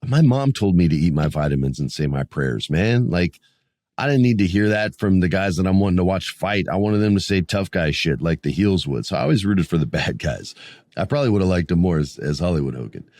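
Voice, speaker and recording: A man's voice: sits low, a little mellow, no room sound, studio quality. A man in his late forties hosting a wrestling podcast solo, rambling casually with jokes and plenty of swearing. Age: 40s. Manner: rambling, joking, swears freely. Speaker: podcast host.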